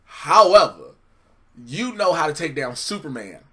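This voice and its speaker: Animated, profane man reviewing a show. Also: fairly high pitch, unhurried, breathy edge. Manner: animated, profane, jokey storytelling. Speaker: co-host reviewing a TV episode. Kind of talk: casual podcast chat.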